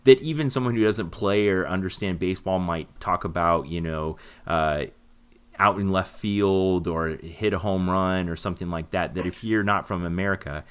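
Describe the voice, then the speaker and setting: Man, very deep voice, podcast co-host, chatty, explains at length with fillers. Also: moderate pace, fairly bright tone, clean tone. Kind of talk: casual podcast chat.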